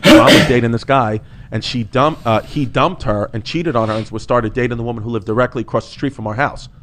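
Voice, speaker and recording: Brief: male comedian, casual podcast storyteller, animated and profane, restarts a lot. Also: medium pitch, fast, background noise.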